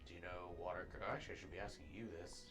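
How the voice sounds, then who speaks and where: A man playing in a tabletop game, excitable and quick to swear over his rolls. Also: low voice, over music. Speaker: player. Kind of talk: casual tabletop chat. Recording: noisy recording.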